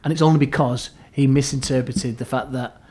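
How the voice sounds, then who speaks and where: Middle-aged man telling lively anecdotes. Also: medium pitch, fairly quick, husky. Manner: lively storyteller, acts out quoted lines, frequent restarts. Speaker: podcast guest, former football club therapist. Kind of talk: anecdotal storytelling in an interview.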